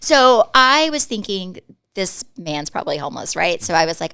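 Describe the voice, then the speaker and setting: A woman's voice: lowish voice, creaky, smooth, dry recording. A woman in her forties, co-hosting a podcast and telling stories in a chatty way, acting out what people said. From Dallas, Texas. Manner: chatty storyteller, quick laughs, animated quoting. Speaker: podcast co-host. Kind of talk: casual chat.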